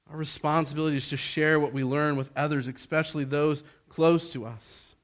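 A male pastor delivering a sermon in a somewhat high voice. He swings from ringing, emphatic exhortation down to near-hushed softness, and he leans on rhetorical questions to carry the congregation along. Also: steady tone, a little fast, few pauses.

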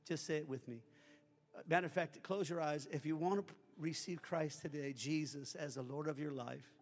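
A pastor delivering a sermon and leading the congregation line by line in a prayer, moving between loud exhortation and quiet pleading. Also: male voice, fairly high pitch, moderate pace, long reverb tail. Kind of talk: sermon with altar-call prayer.

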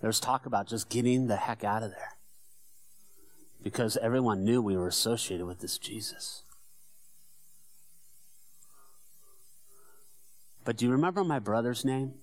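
A man performing a first-person church monologue as the apostle Peter, an earnest middle-aged fisherman, telling the story in a hushed, sorrowful tone that swells into fervent preaching. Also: mid-range voice, no echo, lightly acted. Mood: excited. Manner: storytelling, swinging from hushed whispers to fervent shouts.

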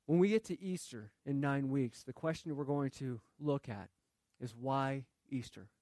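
A man's voice: mid-range voice, normal speed, a little mellow, no room sound, clean studio sound. A man preaching a sermon in a conversational way, reading scripture and asking rhetorical questions. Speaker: pastor.

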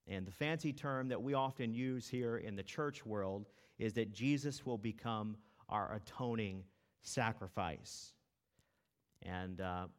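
A pastor telling a story, relaxed. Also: male voice, on the low side. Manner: conversational, storytelling with filler words. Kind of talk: sermon.

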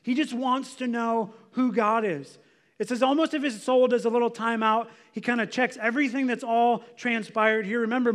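A male pastor delivers a sermon in a fairly high voice. He speaks earnestly and with emphasis, reading scripture aloud and acting out the prayers he quotes. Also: a bit bright.

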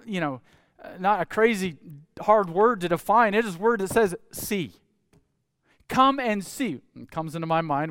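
Clear-voiced male pastor preaching animatedly. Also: no room sound, studio quality. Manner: animated preaching, swinging between loud calls and hushed low passages. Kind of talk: sermon.

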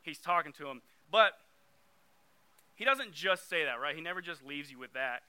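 A young man preaching a sermon in a chatty, conversational way that turns emphatic on the scripture readings. His voice is very bright and forward, smooth and clear, sitting a little high for a man. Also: animated, moderate pace. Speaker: youth preacher.

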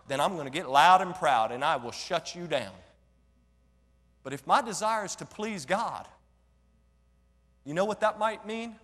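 A male pastor preaching a sermon in an animated way, joking and asking the congregation rhetorical questions. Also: very high voice, in a large hall.

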